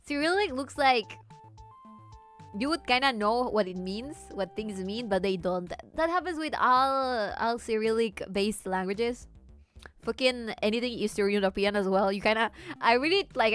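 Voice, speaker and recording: A woman's voice: medium pitch, fairly bright tone. A woman from Latin America chatting casually while streaming a game, rambling and swearing freely as she goes. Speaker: VTuber streamer.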